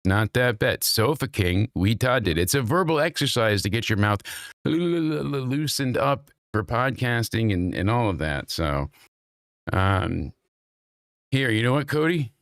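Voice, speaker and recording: A man with a low voice hosts a casual podcast, reacting to clips and swearing loudly as he gets worked up, his pitch leaping upward. The recording is dry and close. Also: a little slow, no echo. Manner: excitable, swears loudly, jumps high in pitch when worked up. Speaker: podcast host. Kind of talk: casual chat while watching clips.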